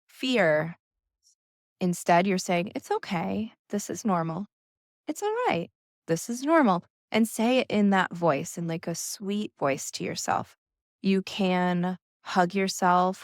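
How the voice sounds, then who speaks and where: Woman, young adult, gentle wellness coach, unhurried and soothing. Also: lowish voice, no room sound, studio quality. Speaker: nervous system coach. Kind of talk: calm instructional talk.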